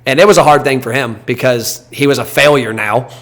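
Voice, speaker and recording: A man in his thirties, a podcast host, telling a story in a blunt, animated, casual way. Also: mid-range voice, a little fast. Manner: animated, blunt, acts out quoted dialogue.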